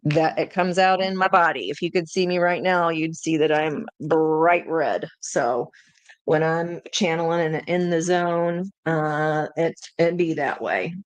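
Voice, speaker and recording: A woman's voice: low-pitched, unhurried, smooth, no echo. A woman hosting a live tarot reading, chatting directly with her viewers. She often breaks off mid-thought and restarts with fillers. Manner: chatty, talks straight to viewers; self-interrupting, many fillers and restarts. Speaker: tarot reader.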